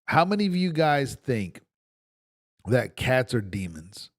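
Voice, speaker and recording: A man with a middle-pitched voice that still moves around a lot. He chimes in with easy, offhand remarks, talking to his co-hosts and the audience. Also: sing-song, takes it slowly. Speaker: podcast co-host. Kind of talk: casual chat.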